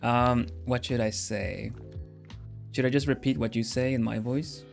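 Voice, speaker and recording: A man's voice: medium pitch, steady tone, creaky, soft background music. A man hosting a stream, chatting casually and hesitantly, with lots of restarts and fillers. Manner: halting, many restarts and fillers. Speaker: streamer host.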